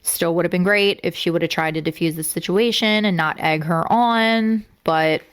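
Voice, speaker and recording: A woman's voice: lowish voice, normal speed, clean tone. A young adult woman co-hosting a true-crime podcast, talking bluntly and with a lot of swearing as she gets emotional. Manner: blunt and profane, getting emotional. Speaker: podcast co-host.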